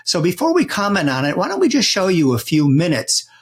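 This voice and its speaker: A man's voice: sits high, wildly swooping pitch, brisk. A man hosting a podcast, giving conversational introductions and asking interview questions. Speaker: podcast host, correspondent.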